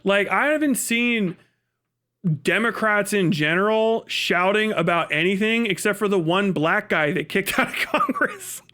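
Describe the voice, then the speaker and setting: A man streaming live, ranting casually in an animated, emphatic and profane way. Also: sits high, measured pace. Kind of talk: casual livestream rant.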